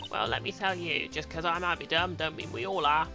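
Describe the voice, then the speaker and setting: A woman voicing a brash, loud country woman photographer in a game read-along, putting on a northern English accent with a scolding, folksy drawl. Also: low voice, expressive, brisk, creaky, over loud music, pitched above the performer's own voice. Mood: indignant. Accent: northern English put-on.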